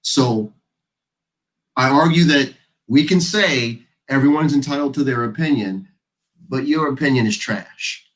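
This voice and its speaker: A man's voice: mid-range voice, unhurried. A man speaking as a guest on a live panel, making his case in a blunt, argumentative way. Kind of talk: casual panel discussion.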